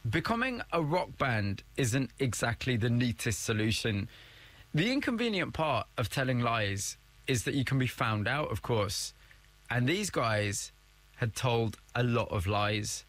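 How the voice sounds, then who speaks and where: Male interviewer, measured and probing. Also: mid-range voice, sing-song, a bit bright. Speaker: interviewer and narrator. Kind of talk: interview questions and documentary narration.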